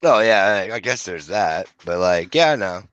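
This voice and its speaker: A middle-aged man spins crude, rambling stories for a podcast, swearing freely and acting out the people he quotes. His voice has a bright, forceful edge. The sound is dry and close, with almost no room. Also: deep voice, normal speed, clean tone, no echo, lo-fi sound. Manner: profane, rambling anecdotes with animated quoted voices. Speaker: podcast co-host. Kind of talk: crude casual storytelling.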